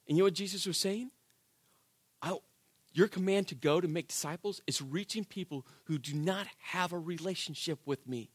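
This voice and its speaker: A man preaching a sermon in church, conversational and animated, often asking the congregation "right?" and swinging from shouted emphasis to soft, intimate delivery. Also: high voice, moderate pace, breathy edge, no room sound. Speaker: pastor.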